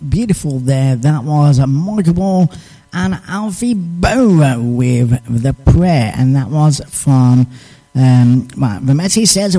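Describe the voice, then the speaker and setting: Man, radio presenter, casual rambling chat, slightly high voice, husky tone, a little far from the mic. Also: animated, slow pace, dark tone. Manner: rambling and self-amused, many fillers.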